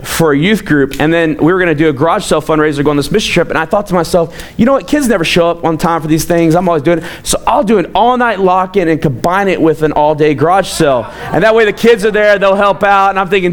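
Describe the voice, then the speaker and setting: A man in his thirties preaching a sermon as a pastor, telling personal stories in an animated way with frequent restarts. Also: high voice, fast talker, few pauses. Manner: animated, storytelling, repeats words.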